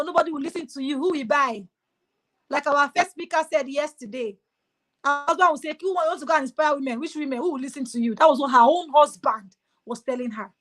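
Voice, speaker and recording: A woman with a high, slightly bright voice gives an emphatic motivational talk on a webinar. She exhorts her audience and hammers her points home through repetition.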